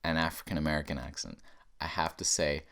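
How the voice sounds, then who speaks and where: A man's voice: very deep voice, fairly quick. A man hosting a comedy show, delivering a rambling, profane rant and often laughing at his own tangents. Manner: animated, profane, laughing at himself. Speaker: comedy podcast host.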